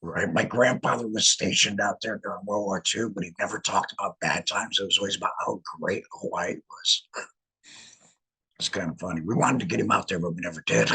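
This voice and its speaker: A man hosting a podcast with a very raspy, gravelly voice that carries a bright, sharp edge. He chats casually and asks questions in a relaxed, conversational way. His pitch sits somewhat low. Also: fairly quick, low-quality recording. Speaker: podcast host. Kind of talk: casual interview chat.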